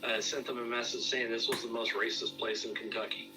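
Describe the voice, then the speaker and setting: A man's voice: medium pitch, little pitch movement, fairly quick, over music. A man chatting casually on a podcast, telling long rambling stories and repeating "I kid you not", recorded from a distant mic. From Southern California. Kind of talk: casual chat.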